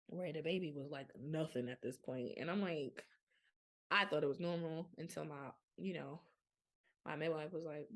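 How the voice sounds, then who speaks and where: Podcast host, young woman, low gravelly voice, blunt and animated. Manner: frank, animated storytelling with colloquial speech. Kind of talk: candid casual monologue.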